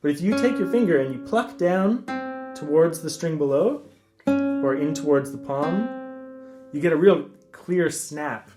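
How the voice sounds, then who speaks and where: A man teaching a guitar lesson in a relaxed, casual way, counting rhythms aloud with frequent ums. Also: fairly high pitch, measured pace. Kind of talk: casual instructional talk.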